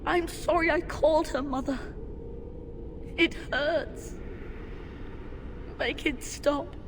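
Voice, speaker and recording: A woman's voice: high voice, fairly even intonation, slow, slight background noise. A woman voicing a frightened young boy in pain who whimpers and pleads in a video game. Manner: weak, whimpering.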